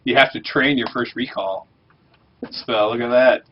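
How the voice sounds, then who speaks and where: A man's voice: mid-range voice, steady tone, measured pace, dull audio, slight background noise. A man hosting a game livestream, chatting casually and joking while he plays and reads quest text aloud. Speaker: livestream host playing a game. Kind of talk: casual chat over gameplay.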